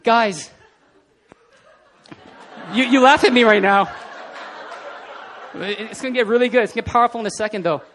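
A man preaching a casual, animated sermon in a church, often laughing and acting out scenes. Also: very high voice, moderate pace, long pauses, a faint crowd, slight background noise. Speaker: pastor. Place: church hall.

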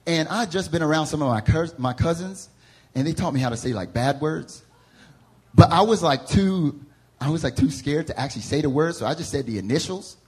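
Young Southern man preaching, husky slightly high voice, animated storyteller in a church service. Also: fairly quick. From American South. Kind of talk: storytelling sermon. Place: church service before a congregation.

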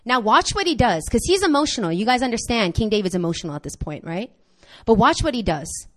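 A woman with a slightly high, sing-song voice preaches an impassioned sermon to her congregation, rising to near-shouts on key points and firing quick questions at her listeners.

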